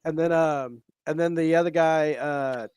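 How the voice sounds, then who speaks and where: A man co-hosting a laid-back podcast, spinning animated stories and acting out the voices of everyone in them. His voice sits fairly high for a man, and the recording is dry and close with no room sound. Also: unhurried, smooth, no echo. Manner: animated storyteller, acts out quotes. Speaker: podcast co-host. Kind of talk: casual chat. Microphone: streaming podcast mic.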